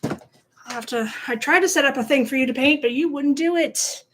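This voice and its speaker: A woman's voice: high voice, normal speed, background noise. Chatty, giggly woman streaming her painting. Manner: chatty, giggly, self-deprecating. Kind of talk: casual live-stream chat while painting. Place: home, at a laptop.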